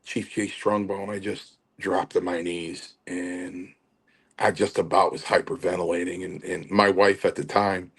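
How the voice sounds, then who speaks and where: An older man, a former wrestler and a podcast guest, telling stories in a halting way with many fillers and restarts. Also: sits low, level tone, breathy edge. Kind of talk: podcast interview storytelling.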